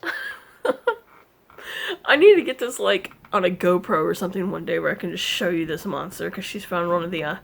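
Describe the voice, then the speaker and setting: A woman chatting casually in a crafting vlog, easily distracted and laughing often, scolding her cat now and then in a higher voice. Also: expressive, brisk, gravelly, long pauses. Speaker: cross-stitch vlogger.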